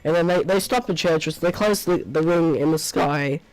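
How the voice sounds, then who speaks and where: A man's voice: a little high, moderate pace, soft background music, low-quality recording. A man giving a casual spoken movie review, rambling and exasperated, packing his talk with filler words.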